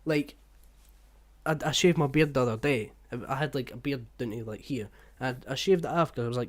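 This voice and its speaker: A man, a music reaction YouTuber, talking in an excitable, swearing, exclamatory way. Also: mid-range voice, brisk, no room sound. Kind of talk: casual reaction commentary.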